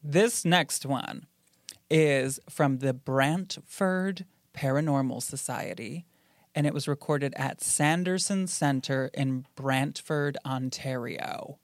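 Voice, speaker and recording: A woman hosting a podcast in casual chat, animated and playful, acting out quotes in funny voices. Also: a bass voice, slow, dry recording, clean studio sound.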